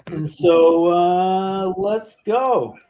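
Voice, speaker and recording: A man's voice: high-pitched, drawn-out words, warm tone, dull audio. A man hosting a podcast in casual chat, telling a joking story with many restarts. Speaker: podcast host.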